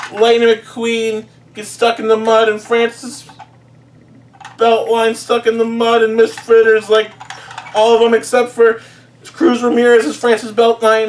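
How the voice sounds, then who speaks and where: A man rattling through a comedic movie recap, rambling and playful. His voice sits high for a man and sounds a little distant from the mic. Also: completely flat delivery, a little slow, slight background noise.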